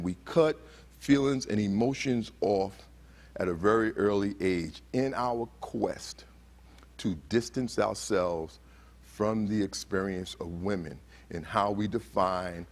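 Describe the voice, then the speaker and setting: A man's voice: lowish voice, creaky, darkish tone. A man giving a motivational talk at a conference. He asks the audience questions and acts out heated quotes. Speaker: conference speaker. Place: conference hall.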